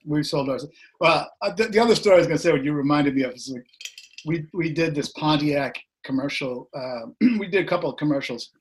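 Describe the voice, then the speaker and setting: Middle-aged man, slightly hoarse, higher voice, animated storytelling, video call. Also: a little fast. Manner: animated, laughs while telling anecdotes. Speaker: guest musician. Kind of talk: casual storytelling.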